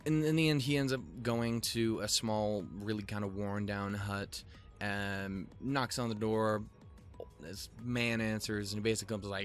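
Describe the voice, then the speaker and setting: A man with a somewhat low voice talks through an episode in a loose, rambling recap. He restarts his sentences often and swears offhand. Soft music plays faintly underneath. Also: fairly even intonation, moderate pace. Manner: rambling, lots of fillers and restarts, swears casually. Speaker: show reviewer.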